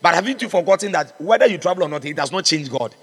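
A man's voice: high-pitched, animated, quick pace, fairly bright tone, husky, long reverb tail. A man preaching a sermon as pastor, fervent and exhorting, calling out to his congregation. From Ghana.

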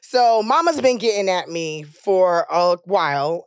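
A woman in her thirties co-hosting a podcast, telling candid stories in casual chat with frequent cursing and loud, high outbursts when she jokes. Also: lively intonation, a little slow, few pauses, no room sound, clean studio sound. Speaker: podcast co-host.

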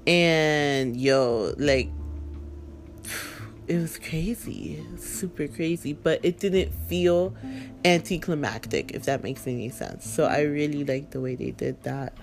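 Low-voiced woman chatting emotionally. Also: takes it slowly, creaky, faint music behind. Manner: rambling, filler-heavy, emotional, laughing through tears. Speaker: movie fan vlogger. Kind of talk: casual chat.

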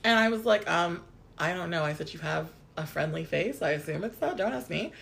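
A woman's voice: fairly low pitch, expressive, brisk, gravelly, a bit bright. A young adult woman co-hosting a casual chat podcast, telling stories with plenty of swearing and laughter. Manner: storytelling, swears freely, laughs often. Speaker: podcast co-host.

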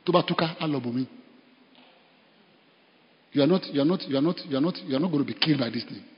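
Nigerian male pastor, sermon, lively storyteller, slightly raised pitch, long hall reverb. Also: quick pace. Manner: storytelling, animated, bursts of laughter. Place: church. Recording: dull sound in a reverberant hall.

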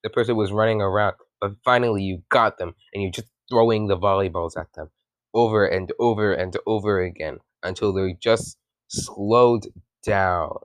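A man's voice: lowish voice, moderate pace, no room sound. A man casually reading a science article aloud with his own commentary, often stumbling, rereading and correcting himself.

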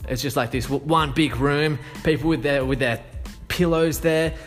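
A man with a somewhat high voice tells a story in a loose, rambling way. He swears often and fills the gaps with fillers and restarts. Soft music plays in the background. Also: fairly even intonation, normal speed. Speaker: sales consultant. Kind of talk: casual storytelling.

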